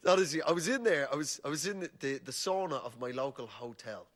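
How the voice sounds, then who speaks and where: An Irish man, a comedian on a panel, telling an animated comic story with laughing restarts. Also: fairly high pitch, quick pace. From Ireland.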